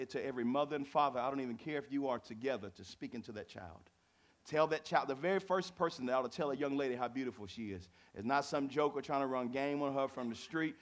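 A man preaching a sermon in a folksy, conversational way, talking straight to the congregation and swinging from loud declarations to hushed asides. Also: medium pitch. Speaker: pastor.

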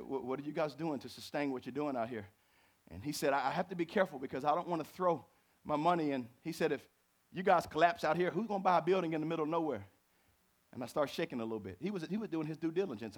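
A middle-aged man preaching from the pulpit in a high voice. He drops into low, conversational storytelling, then rises to fervent, ringing exhortation. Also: quick pace. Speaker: pastor. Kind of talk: sermon.

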